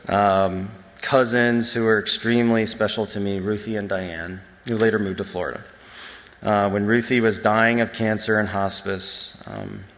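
A man's voice: on the low side, a bit bright. A man giving an earnest, reflective personal testimony as a church speaker. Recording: long reverb in a big hall.

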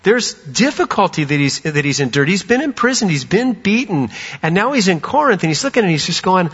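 A middle-aged man preaching a sermon as pastor, telling stories with lively animation and acting out voices. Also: sits high, a little fast, slightly rough. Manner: animated storytelling, acts out voices. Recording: dull sound with long hall reverb.

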